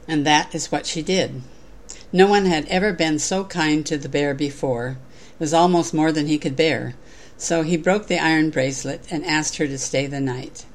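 Woman with a low voice reading a tale aloud at a service, measured and clear. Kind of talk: storytelling and readings in a sermon.

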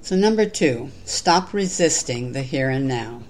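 Calm, measured spiritual speaker. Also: mid-range voice, slight background noise. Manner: calm, measured, gently instructive. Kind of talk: inspirational talk with guided meditation.

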